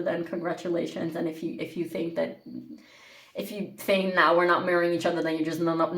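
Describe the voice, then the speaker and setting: A woman's voice: lowish voice, echoey room. A woman giving a casual tarot reading to camera, chatty and rambling with lots of "like". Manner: chatty and rambling, heavy use of "like". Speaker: tarot reader. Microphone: camera mic.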